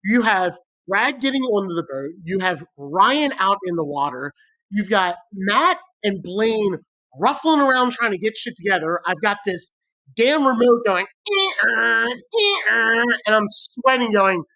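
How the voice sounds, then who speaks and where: Woman co-host on a podcast, mid-pitch, acts out every quote, swears a lot. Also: lively intonation, a little slow, fairly bright tone. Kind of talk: casual chat, storytelling.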